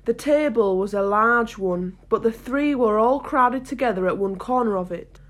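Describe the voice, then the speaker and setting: A woman's voice: a little high, normal speed. A woman reading a storybook aloud at home, with chatty self-mocking asides, no proper microphone. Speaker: audiobook reader. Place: home, no studio. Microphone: basic home setup, no proper mic.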